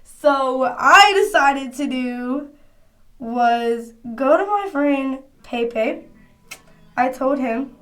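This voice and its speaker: A woman's voice: sits high, expressive, extremely slow, fairly bright tone. A woman telling a casual storytime to her phone camera at home, chatty and full of slang. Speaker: vlogger.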